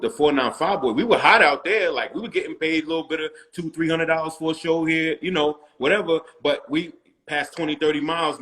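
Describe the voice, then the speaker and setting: Slightly high-voiced rapper telling stories. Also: male voice, a bit bright. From Long Island, New York. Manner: loose storytelling with frequent "you know what I'm saying". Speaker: rapper guest. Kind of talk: casual interview chat.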